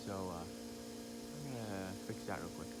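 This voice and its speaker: A man's voice: low-pitched, lively intonation, normal speed, heavy background noise. A young man, a farmer, talking casually to the camera in a vlog with chatty, joking asides. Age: young adult.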